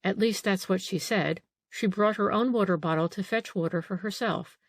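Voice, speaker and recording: A woman's voice: medium pitch, moderate pace, no echo, studio quality, natural voice. A woman voicing a frightened middle-aged female housekeeper in an audiobook, anxious and eager to please. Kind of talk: audiobook character reading.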